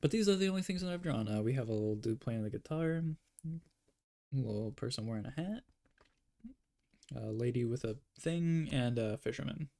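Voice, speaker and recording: A young man with a gravelly, fry-edged voice talks through his drawing session in a loose, rambling way. He pokes fun at himself and pads his sentences with fillers, sounding a little tired. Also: mid-range voice, animated, normal speed, long pauses, dark tone. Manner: rambling, self-deprecating, with frequent fillers. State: yawning, tired. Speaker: art streamer. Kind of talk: casual drawing livestream chat.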